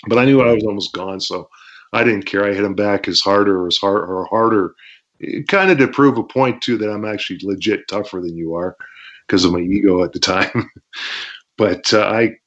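A Canadian man, a former pro wrestler, telling stories in a casual interview, acting out shouts and sound effects and laughing often. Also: fairly low pitch, normal speed. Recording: dull lo-fi audio.

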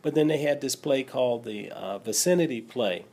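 Gravelly older man recalling his playing days. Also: medium pitch, moderate pace, darkish tone. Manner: reflective, matter-of-fact storytelling. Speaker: interview guest, former middle infielder. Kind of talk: casual interview.

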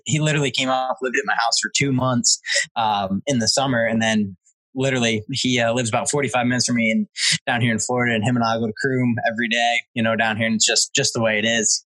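A man in his twenties, a guest telling funny stories in a casual chat, lively and laughing as he quotes people. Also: mid-range voice, fast talker, dry recording, poor audio. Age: 20s. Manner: laughing, animated retelling with quoted voices. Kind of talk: casual storytelling.

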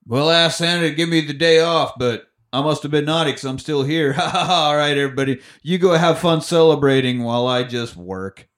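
A man's voice: fairly high pitch, a little fast, hardly any pauses, a bit bright, close to an everyday voice. A man voicing a weary male security guard who grumbles sarcastically about having to work on a holiday. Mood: sarcastic grumbling. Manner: sarcastic, self-pitying.

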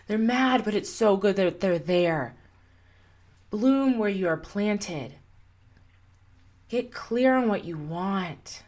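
A young woman hosts her own motivational podcast alone. She talks in an earnest, encouraging way and keeps asking her listener gentle, repeated questions. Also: medium pitch, expressive, takes it slowly, long pauses. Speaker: podcast host and coach. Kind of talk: solo motivational podcast talk.

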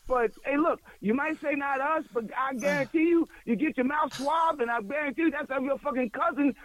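A man co-hosting a casual podcast, ranting loudly with lots of profanity. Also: extremely high pitch, fairly quick, rough recording. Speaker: podcast co-host.

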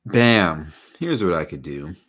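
A man co-hosting a casual sports podcast, drawing out his words at an unhurried pace. His pitch swings widely as he jokes and teases. He breaks into loud laughs while bantering. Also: animated. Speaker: podcast co-host.

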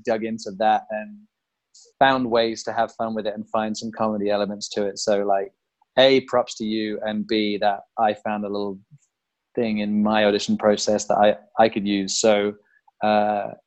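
A laid-back British man talking as a podcast guest, his voice sitting a little low. He rambles through his thoughts with plenty of "um" and "like," and laughs easily along the way. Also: moderate pace, low-quality recording. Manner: relaxed, rambling, laughs easily, many fillers. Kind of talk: casual chat.

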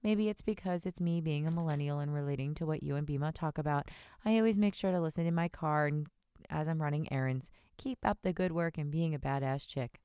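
Dull, bored woman singer, a woman putting it on, slow and flat, smooth tone. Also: low voice, dry recording, studio quality, close to an everyday voice. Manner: slow, flat and deliberately boring. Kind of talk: podcast impression.

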